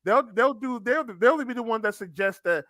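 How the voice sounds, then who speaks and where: High bright-voiced man co-host. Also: expressive, moderate pace, no echo. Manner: lecturing, stammering restarts. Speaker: podcast co-host. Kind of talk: casual commentary chat.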